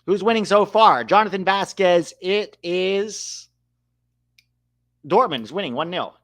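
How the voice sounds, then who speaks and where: Excitable high-voiced man calling a match. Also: slow. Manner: excitable, joking play-by-play. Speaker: host and commentator. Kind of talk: live match watch-along commentary.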